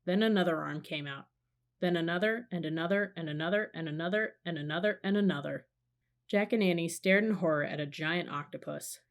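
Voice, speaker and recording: A woman narrates a children's audiobook in a calm, measured way. Her voice sits a little low, and she reads steadily. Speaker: audiobook reader. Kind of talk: storybook narration.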